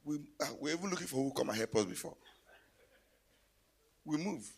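A man preaching a sermon in a church, telling stories and rising to loud exclamations. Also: fairly high pitch, lively intonation, normal speed, gravelly, breathy edge.

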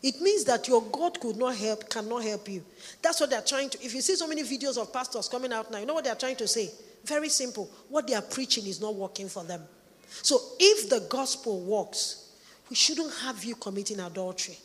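A woman delivers a sermon with emphatic, repeated lines. Her voice sits fairly high, and it rings with a long reverb from a large church hall. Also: animated, a little fast. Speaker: preacher.

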